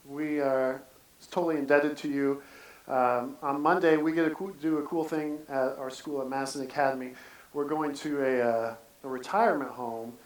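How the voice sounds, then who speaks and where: A man's voice: a little high, a bit bright. Earnest man preaching in an echoey church. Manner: earnest, halting, many restarts. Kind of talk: casual church sermon. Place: church sanctuary. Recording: echoey church sanctuary from a distance.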